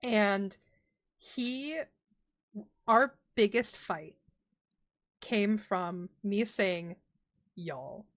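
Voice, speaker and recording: A woman's voice: mid-range voice, extremely slow, pauses often, fairly bright tone. A woman from the Southern US co-hosting a podcast, telling stories in a casual, chatty way full of fillers. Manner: chatty storyteller, heavy use of "like". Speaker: podcast co-host. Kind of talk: casual chat.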